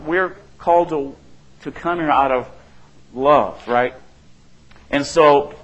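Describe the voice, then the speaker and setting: Middle-aged male preacher, slightly higher voice, chatty sermon style that keeps asking "right?". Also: fairly bright tone, poor audio. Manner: conversational preaching, asks the room "right?", acts out quotes. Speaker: pastor.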